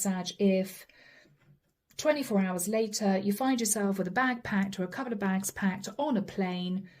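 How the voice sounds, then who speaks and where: A woman's voice: medium pitch, warm tone. A woman giving a channeled tarot reading to her viewers, chatty and dramatic, acting out little quotes as she lays down the cards. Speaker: tarot reader.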